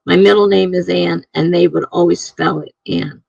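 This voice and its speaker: Woman live streamer, husky, dry close sound, casual rambling chat. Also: lowish voice, steady tone, moderate pace, a little mellow, no room sound, lo-fi sound. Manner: rambling, chuckling, chatty. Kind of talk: casual chat reading viewer comments.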